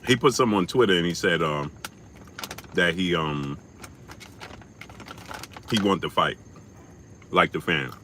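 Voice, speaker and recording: A man's voice: low-pitched, unhurried, long pauses, pushed and bright, slight background noise. A man hosting a casual livestream, reading out viewer names and super chats in a slangy, laid-back way, sometimes chewing as he talks. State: chewing while talking. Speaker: livestream host. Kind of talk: casual live-stream chat, reading out viewer shout-outs.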